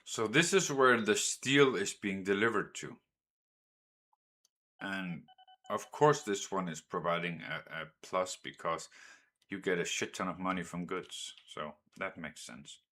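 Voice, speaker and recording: A man's voice: low-pitched, sharp tone. A man with a Danish accent, casually commenting on his game as he sets up train routes. He talks to his trains and swears or exclaims when something goes wrong. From Denmark. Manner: slow and drawn out, thinking aloud while setting up routes. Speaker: gaming streamer.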